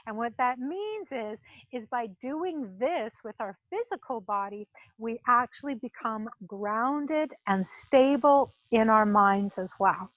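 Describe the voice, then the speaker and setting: A woman leading a volunteer training demonstration at a farm sanctuary, animated and laughing often as she explains. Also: a little high, takes it slowly, dry recording, highs cut off. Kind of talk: instructional demonstration.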